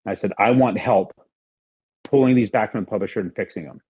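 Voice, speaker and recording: A man's voice: fairly low pitch, brisk, husky, no room sound, highs cut off. A middle-aged man as a podcast guest, telling a rambling story casually and acting out the lines of the people in it. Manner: rambling, acts out quoted dialogue.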